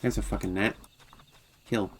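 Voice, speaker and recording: A man's voice: on the low side, fairly even intonation, moderate pace, slight background noise. A man streaming a game, chatting casually with viewers and reading game dialogue aloud. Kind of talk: casual game livestream chat.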